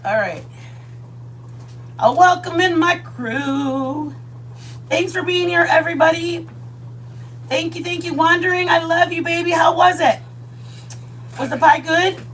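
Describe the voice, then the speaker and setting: A woman hosting a casual cooking livestream from her home kitchen, chatty and playful, greeting viewers by name with loud excited bursts. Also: very high voice, a little slow, pauses often, slight background noise, poor audio.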